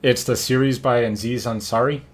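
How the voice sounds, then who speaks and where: A man hosting a podcast in casual chat, animated and profane, often acting out what people say. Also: medium pitch, moderate pace. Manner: animated, profane, acts out quotes. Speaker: podcast host.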